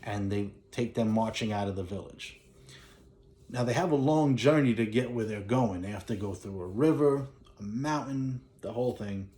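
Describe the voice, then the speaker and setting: A man's voice: fairly low pitch, moderate pace, warm tone. A man casually retelling a film plot, rambling with fillers and restarts as he goes. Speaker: movie reviewer. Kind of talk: casual movie recap.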